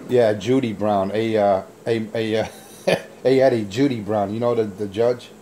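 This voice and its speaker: A man trash-talking rivals over a handheld radio mic, boasting and taunting in a slow drawl. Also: lowish voice, background noise. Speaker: CB radio operator. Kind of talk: on-air radio banter.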